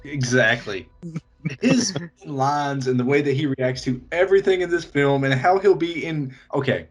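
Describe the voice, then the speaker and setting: A man co-hosting a podcast, giving relaxed, wry opinions about a movie over beer. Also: mid-range voice. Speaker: podcast co-host.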